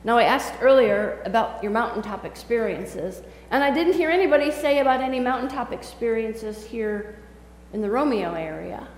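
A woman pastor preaching a sermon in a conversational, animated storytelling way. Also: fairly high pitch, normal speed, echoey room, in a large hall, poor audio. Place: church sanctuary.

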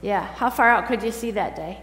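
A woman's voice: mid-range voice, a little fast, fairly bright tone. A woman reading scripture and then giving a conversational sermon in a church, chatting with the congregation and asking them questions. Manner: chatty, quizzes the congregation directly. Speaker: preacher. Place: large church sanctuary. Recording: echoey hall with faint hum.

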